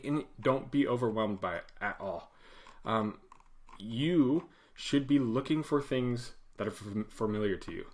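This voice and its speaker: Animated man teaching a coding lesson. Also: lowish voice. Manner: animated, acts out commands in a loud put-on voice. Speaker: web development instructor. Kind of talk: casual screen-share coding lesson.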